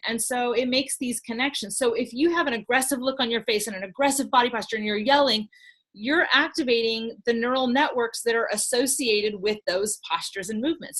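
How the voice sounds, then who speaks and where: A woman guest in an interview, telling stories in a lively way and acting out what other people said. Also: on the high side. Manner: animated storyteller who acts out quoted speech. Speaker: guest, parenting expert. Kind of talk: interview storytelling.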